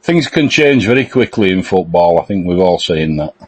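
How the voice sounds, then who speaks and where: A man's voice: low-pitched, very animated, moderate pace, husky. A man on a fan podcast giving confident, opinionated takes. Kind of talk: casual fan podcast chat.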